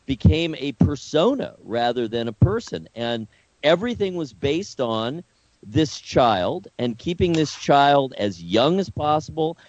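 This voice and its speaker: A man co-hosting a podcast, musing reflectively in a measured way. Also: fairly high pitch, very animated, a little mellow, dry recording, highs cut off. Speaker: podcast co-host. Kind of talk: casual interview conversation.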